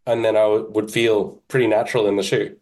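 A man, a podcast guest talking in a relaxed, self-deprecating way with halting restarts. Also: on the low side. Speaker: podcast guest, kettlebell instructor. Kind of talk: casual interview chat.

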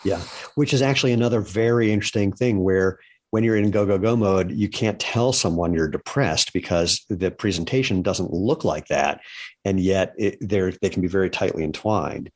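A man's voice: deep voice, normal speed, darkish tone. A man hosting a podcast interview, curious and storytelling, with frequent restarts. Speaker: podcast host. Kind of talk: conversational interview.

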